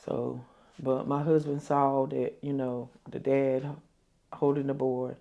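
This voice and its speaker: An older woman, telling a painful family story in an interview, halting and repeating herself. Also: very deep voice, flat delivery, vocal fry, dark tone, lo-fi sound. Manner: halting, repeats herself, quotes others aloud. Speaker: interview guest. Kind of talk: emotional interview.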